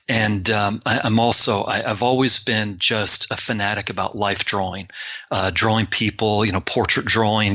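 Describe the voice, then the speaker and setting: A middle-aged man, a guest artist, telling relaxed, self-deprecating stories in a casual interview. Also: lowish voice.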